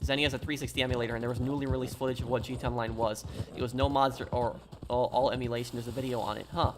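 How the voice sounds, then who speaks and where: A man's voice: medium pitch, fairly even intonation, rapid-fire, noisy background. A man streaming a game, chatting casually, reading chat aloud and rambling with many fillers.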